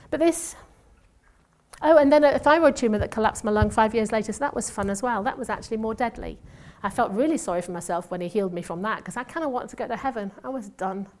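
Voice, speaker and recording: Talking fast in a slightly high voice, this woman in her fifties gives a chatty testimony sermon, making fun of herself and slipping in asides. She's a church speaker who used to work as a nurse.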